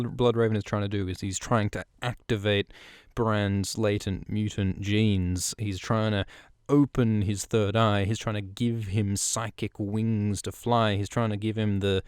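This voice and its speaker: A podcast host, male, with a low and smooth voice, chats his way through a book chapter with loose, joking enthusiasm. It's recorded close and dry on a studio mic, with no room sound. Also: fairly even intonation, normal speed, a little mellow, dry recording. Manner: irreverent, swearing, enthusiastic. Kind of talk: casual book-chapter recap.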